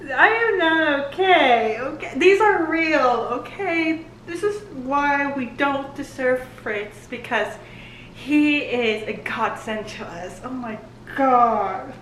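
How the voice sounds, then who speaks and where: Woman reacting live, high voice, slow drawn-out delivery, gushing, roomy echo. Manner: gushing, excitable, talks back to the screen. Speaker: book and TV reviewer. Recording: roomy echo, faint hiss.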